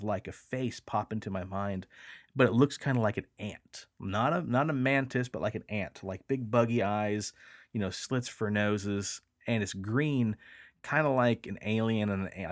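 A man's voice: fairly low pitch, dry recording, studio quality. A man hosting a podcast, telling a story in a casual, rambling way, with lots of fillers and the odd swear word. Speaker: podcast host.

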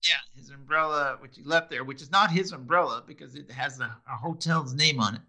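Bright, gravelly man chatting with animated pitch. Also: fairly quick. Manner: laughs often, restarts sentences. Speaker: podcast co-host. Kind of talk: casual chat recapping a TV episode.

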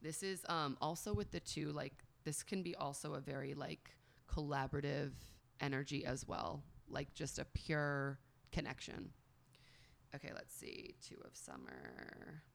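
A woman's voice: low-pitched, steady tone, unhurried, creaky. A woman in her thirties, reading oracle cards aloud and chatting casually, with many filler words. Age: 30s. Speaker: tarot and oracle card reader. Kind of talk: casual chat and card reading.

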